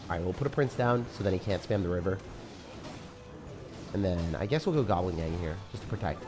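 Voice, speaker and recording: A man with a low, slightly hoarse morning voice talks casually through a live game stream. He mixes play-by-play calls with chatty replies to viewers, while faint music plays underneath. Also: lively intonation, a little fast. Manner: casual, chatty, reads viewer comments aloud. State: rough morning voice. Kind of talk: live gameplay commentary and chat reading.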